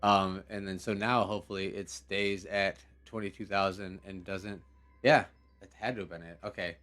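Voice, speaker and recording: Faint music plays behind a young game live-streamer whose deep, fairly bright voice moves at a moderate pace with fairly even intonation. His manner is laid-back and rambling, full of slang and laughter as he reacts.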